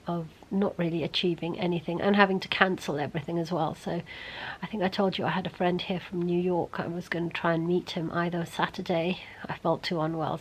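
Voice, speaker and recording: A middle-aged woman vlogging casually to camera while ill and congested, hoarse and tired, often talking half-whispered. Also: lowish voice, a little hiss or hum, poor audio. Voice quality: gravelly. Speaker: beauty vlogger. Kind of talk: casual vlog chat to camera.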